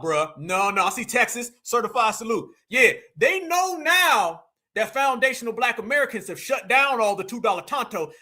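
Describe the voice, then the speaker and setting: A man hosting a casual livestream, talking in an animated, slangy and mocking way. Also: high voice, husky. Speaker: livestream host.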